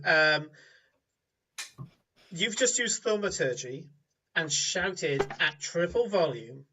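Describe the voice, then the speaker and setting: A man's voice: fairly high pitch, lively intonation, slow pace, pauses often, distant mic, dull audio, noisy background. A man narrating as game master, chatty and often laughing while he describes the scene.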